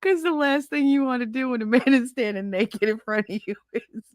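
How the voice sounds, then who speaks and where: A woman's voice: on the high side, fairly quick, no echo, studio quality. A middle-aged woman hosting a casual chat, telling stories with lots of laughter and playful swearing. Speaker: host.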